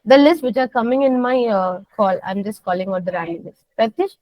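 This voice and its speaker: A woman teaching a soft skills class, coaxing her students and repeating simple phrases. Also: medium pitch, lively intonation, a little fast, no room sound, highs cut off.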